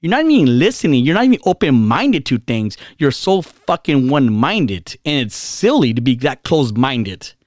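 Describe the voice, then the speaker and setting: Socal dude ranting, lots of slang and cussing, repeats himself, mid pitch, dry sound. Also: male voice, sing-song, normal speed, hardly any pauses, a little mellow, no room sound. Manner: heated, repetitive, swears a lot, slangy. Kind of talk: casual rant.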